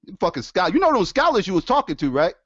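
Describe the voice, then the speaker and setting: A man ranting on his stream in a casual, profane, animated way, laughing often. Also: sits high, fast talker, no echo. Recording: dull lo-fi dry sound.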